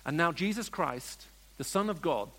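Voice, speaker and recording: A man preaching a sermon, slipping from hushed storytelling into emphatic, rising questions put to his listeners. His voice sits a little high for a man, and a long reverb from a large hall trails after each phrase. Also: lively intonation, moderate pace.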